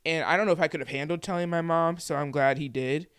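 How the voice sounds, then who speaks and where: Talking fast in a low voice, a vlogger and podcaster in her twenties shares her own story on camera, candid and conversational, full of "like" fillers. The sound is clean studio audio with a clean tone and no echo.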